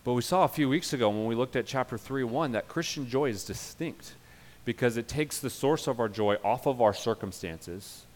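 A male pastor preaching a sermon, emphatic, swinging from loud urging to quiet earnest passages. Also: medium pitch, long reverb tail.

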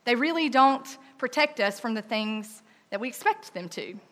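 Bright, lively storytelling woman. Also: fairly high pitch, moderate pace. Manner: lively, conversational, with frequent "um" and "like". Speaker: speaker telling a personal story. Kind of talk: personal storytelling talk.

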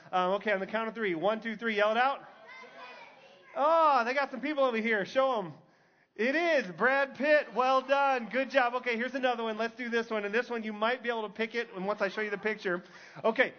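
A male pastor delivers a conversational sermon to a congregation, hammering his points home by repeating key lines emphatically. His voice sits high, and the recording is muffled.

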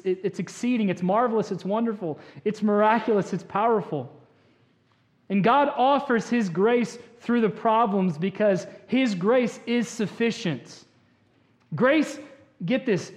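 A male pastor delivering a sermon, building to emphatic, pleading passages and dropping low for quoted scripture. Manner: preaching with rising emphatic passages and acted pleas.

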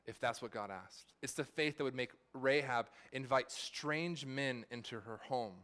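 A man in his thirties preaching a sermon, telling a family story in a relaxed, conversational way with many filler words. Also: medium pitch. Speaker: pastor.

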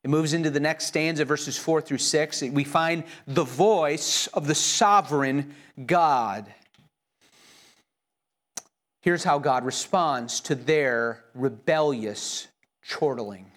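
Male pastor, sermon, slow delivery, slightly high voice, earnest, repetitive restarts. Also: a bit bright.

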